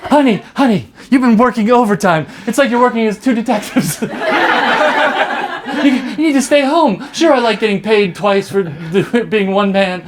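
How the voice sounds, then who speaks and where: A gushing, clingy wife, as a man puts her on in an improvised stage comedy scene. The voice sits high and bubbles over with affection. A noisy live stage recording is heard behind it. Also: moderate pace, close to an everyday voice. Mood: doting. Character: flustered wife, woman, excited and clingy. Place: live stage before an audience.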